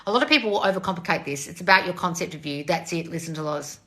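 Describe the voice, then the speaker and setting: Woman coach, live-stream Q&A, blunt and sarcastic, bright tone, lowish pitch. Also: rapid-fire. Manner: blunt, sarcastic, swears freely. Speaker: manifestation coach. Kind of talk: live stream answering chat.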